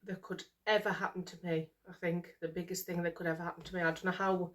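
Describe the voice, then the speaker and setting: A woman's voice: lowish voice, level tone, fast talker. A middle-aged British woman vlogging to camera, overwhelmed and emotional after crying all morning, sighing and repeating herself. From United Kingdom. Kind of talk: casual chat to camera.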